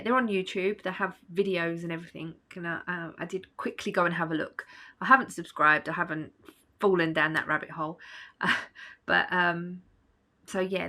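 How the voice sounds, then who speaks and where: A woman with a lowish, sharp voice vlogs from home in a casual, rambling chat. She sounds sleepy and yawns, filling her talk with fillers and small laughs.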